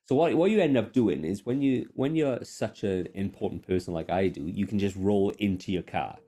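On a podcast microphone, a male co-host with a lowish voice and moderate pace spins stories during a casual chat. He swears freely and is animated and self-mocking.

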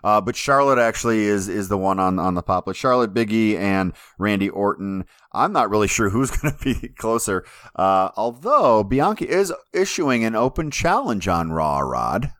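A low-pitched man co-hosting a wrestling podcast in an easygoing, hesitant way, with plenty of uhs. He comes through a dry, close remote call mic. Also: very animated, normal speed, hardly any pauses, a bit bright, dry recording. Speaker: podcast co-host. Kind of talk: casual wrestling chat.

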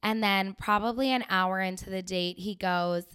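A woman's voice: medium pitch, steady tone, moderate pace, fairly bright tone, clear, resonant tone. A young woman, hosting a podcast and telling a story casually, chatty and sarcastic, laughing often. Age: young adult. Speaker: podcast host.

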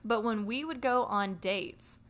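A woman telling a personal story in a casual podcast chat, animated and swearing freely. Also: a little high, a little slow.

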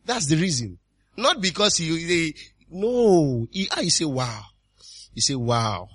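Exuberant pastor preaching. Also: male voice, fairly high pitch, very animated, unhurried, breathy edge, dry recording. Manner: exuberant preaching, repeated calls, sudden shouts. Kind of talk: sermon.

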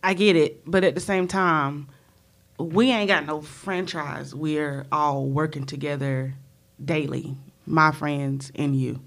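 A woman co-hosting a casual chat, arguing her point in relaxed, slangy speech. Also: deep voice, slow. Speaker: podcast co-host.

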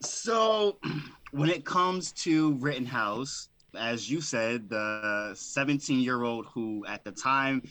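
A man's voice: mid-range voice, bright, forceful tone, no room sound. A man co-hosting a podcast, giving emphatic, rhythmic commentary in a casual chat and swearing now and then. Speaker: podcast co-host.

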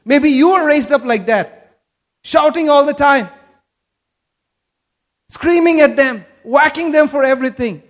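A man's voice: very high voice, a little slow, long pauses. A man from Kerala, India, preaching a sermon and asking the congregation questions. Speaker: pastor.

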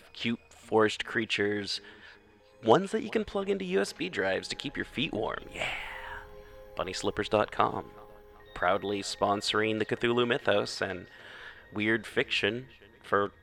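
A man with a low, gravelly voice reads sponsor plugs for his podcast. He rambles along in an offhand, chatty way. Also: fairly bright tone. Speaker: podcast host reading sponsor ads. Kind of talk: casual ad read.

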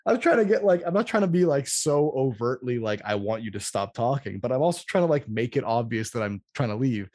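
A man hosting a casual podcast, telling a rambling, profane story in an animated way. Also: medium pitch, brisk, hardly any pauses, dry recording, studio quality.

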